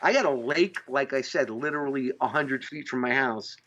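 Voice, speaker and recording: A man's voice: medium pitch, normal speed, a bit bright. A man from upstate New York hosting a casual podcast chat, rambling and swearing with lots of fillers. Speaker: podcast host. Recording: dull lo-fi sound.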